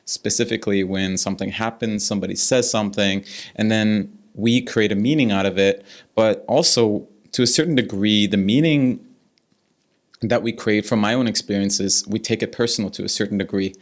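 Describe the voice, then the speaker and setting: A man's voice: lowish voice, moderate pace. A man hosting a podcast, thoughtfully summing up what his guest said. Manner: thoughtful, sums up the guest's story. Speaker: podcast host. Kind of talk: interview conversation.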